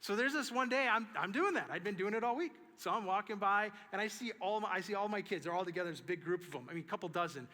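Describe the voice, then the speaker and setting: Male pastor, sermon, animated storytelling, emphatic repetition, bright forceful voice, echoey church reverb. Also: high-pitched, fast, few pauses.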